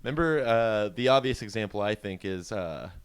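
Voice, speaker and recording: Male podcast co-host, low register, jokey banter, dry sound. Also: lively intonation, normal speed, clean tone, no room sound. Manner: joking, laughs often. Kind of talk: casual chat.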